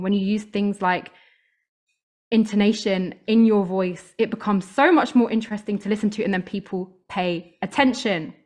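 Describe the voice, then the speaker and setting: A woman's voice: medium pitch, a little mellow. A woman, working as a voice coach, giving an upbeat motivational talk to a live audience and stressing key words by repeating them.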